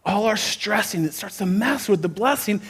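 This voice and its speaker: A man preaching a sermon to a church congregation, energetic and repeating phrases for emphasis, sometimes rising to near-shouts. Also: high-pitched, moderate pace, slightly rough. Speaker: pastor. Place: church auditorium before a congregation.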